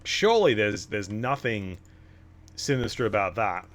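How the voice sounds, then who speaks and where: A man's voice: on the low side, big pitch swings, a little slow, a bit bright. Wry young man streaming a game. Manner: wry, sarcastic asides. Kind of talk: casual gameplay commentary.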